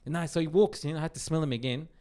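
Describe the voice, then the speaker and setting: An Australian man on a podcast telling a long, rambling anecdote, animated and sweary, with lots of restarts. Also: fairly high pitch, rapid-fire. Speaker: podcast co-host. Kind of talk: casual chat.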